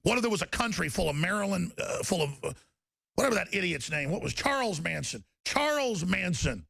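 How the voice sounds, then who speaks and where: A man's voice: high-pitched, expressive, fast, creaky, pushed and bright, breathy edge, no room sound, studio quality. A man hosting a political talk show, ranting angrily and repeating himself. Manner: angry, ranting, repetitive.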